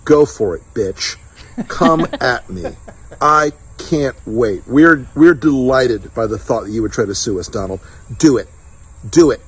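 A man with a husky voice delivering a defiant, profane video message full of taunting, punchy repetition. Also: medium pitch, lively intonation, a little slow, low-quality recording. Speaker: political strategist in a played clip.

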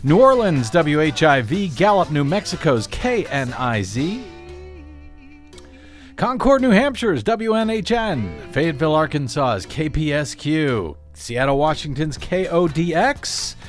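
A man's voice: a little high, very animated, unhurried, faint music behind. A man hosting a talk radio show, wry and self-deprecating, stumbling over fillers as he talks. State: a little out of breath. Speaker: radio host. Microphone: studio microphone.

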